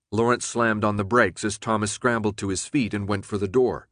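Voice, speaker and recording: A man narrating an audiobook chapter in a steady, measured reading. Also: fairly low pitch, dry recording, studio quality. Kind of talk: scripted narration.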